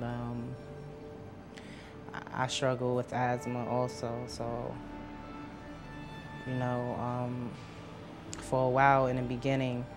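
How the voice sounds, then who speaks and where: A woman interviewed for a documentary, speaking in a quiet, measured and steady way about her late father. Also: very deep voice. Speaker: victim's daughter, interviewee. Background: soft background music.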